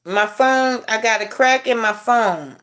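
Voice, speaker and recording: A middle-aged woman hosting a casual livestream, chatting with viewers in a laid-back, drawn-out way and chuckling as she reads comments. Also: fairly high pitch, a bit bright. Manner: laid-back, drawn-out delivery, chuckling while reading chat. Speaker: livestream host.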